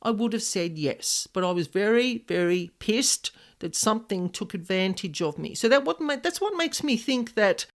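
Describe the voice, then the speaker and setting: A woman hosting a podcast, telling a personal paranormal experience in a casual, expressive way with many "like" fillers. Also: mid-range voice, normal speed, hardly any pauses. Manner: animated, expressive, frequent "like" fillers. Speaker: podcast host, paranormal specialist. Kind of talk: casual storytelling monologue.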